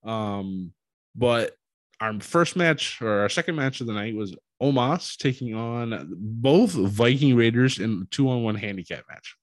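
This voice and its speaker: A man recapping a wrestling show in a casual, animated storytelling way, acting out what people said. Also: medium pitch, unhurried, no echo. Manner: animated storytelling, acts out quotes.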